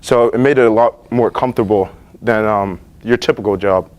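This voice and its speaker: A young man in his late teens giving a class presentation about his internships, earnest and relaxed, with many fillers and restarts. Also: on the low side, normal speed. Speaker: student presenter. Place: school library.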